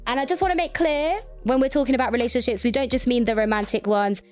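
A woman's voice: on the high side, quick pace, faint music behind. A young woman with a girlish, childlike voice, chatting and giggling as a podcast co-host. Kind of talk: casual chat.

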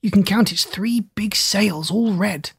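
A single audiobook reader voicing a watchful duck who gives anxious warnings, in a husky voice. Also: mid-range voice, a little slow, no room sound, clean studio sound, heavily acted. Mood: fretful. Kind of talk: audiobook character voice.

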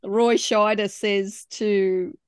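A woman's voice: medium pitch, steady tone, very slow, smooth. A woman co-hosting a casual recap podcast, retelling scenes with easy laughter. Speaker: podcast co-host. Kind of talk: casual episode recap chat.

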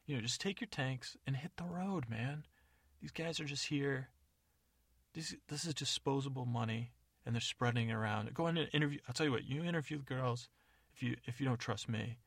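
A man delivering a loose, improvised comic monologue with deadpan asides. His voice has a gravelly, rough edge. The sound is dry and close, with no room echo. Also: mid-range voice, fairly quick. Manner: rambling, self-correcting, deadpan asides. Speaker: comedy podcast narrator.

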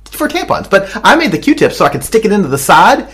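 A man's voice: high-pitched, big pitch swings, fairly quick, a bit bright. A man with an Australian accent co-hosting a podcast, telling a crude story in a rambling way and laughing at his own jokes. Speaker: podcast co-host. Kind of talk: casual chat. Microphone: desk microphone.

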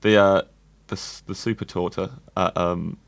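A man hosting a podcast in relaxed, casual chat. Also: sits low, normal speed, gravelly, no room sound. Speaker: podcast host.

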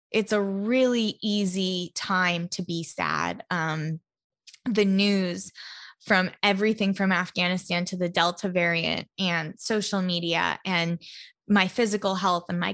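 A woman of middle pitch speaks in a relaxed solo podcast talk. She is chatty and heartfelt, leaning into spiritual ideas, and scatters "like" through her sentences. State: emotional, near tears at times. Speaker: podcast host. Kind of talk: casual solo podcast monologue.

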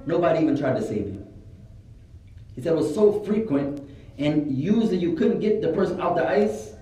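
A man giving a religious lesson, telling a story with lively retellings and Arabic religious phrases woven into his English. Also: a little high, normal speed. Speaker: religious teacher. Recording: very echoey room from a distant mic.

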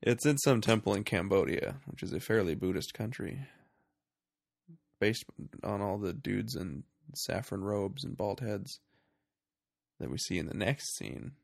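A man riffs through a casual movie podcast with a wry, jokey manner. His voice has a gravelly edge. The sound is dry and close, with no room around it. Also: lowish voice, animated, unhurried, no echo. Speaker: podcast host.

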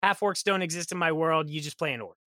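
A man on a podcast chatting as a guest game master, telling lively stories and acting out what his players and characters said. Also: fairly high pitch, fast, no room sound. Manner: lively storyteller who acts out quoted characters. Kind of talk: casual podcast chat.

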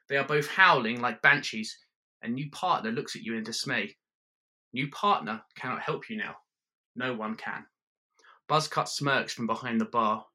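Brief: male storyteller, deadpan and wry, bright, forceful tone. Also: mid-range voice. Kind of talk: second-person comic storytelling.

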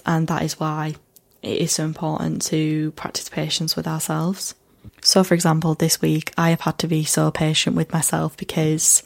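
A woman hosting her own podcast, talking through a personal reflective monologue in an earnest, gentle way, with many "you know"s and "like"s. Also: sits low, creaky. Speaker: podcast host.

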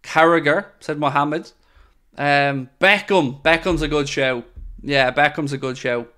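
A young man running a podcast reads live-chat comments and riffs on them casually and opinionatedly, with many fillers and asides. His slightly high voice is bright, forceful and clean, and he's unhurried.

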